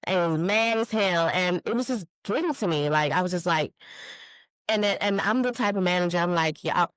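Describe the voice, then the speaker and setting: A woman's voice: fairly low pitch, lively intonation, moderate pace, no room sound, rough recording. A woman in her late thirties hosting a podcast alone, chatting casually, losing her train of thought and stopping to greet viewers by name. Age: 30s. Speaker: podcast host. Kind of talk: casual solo live-stream chat.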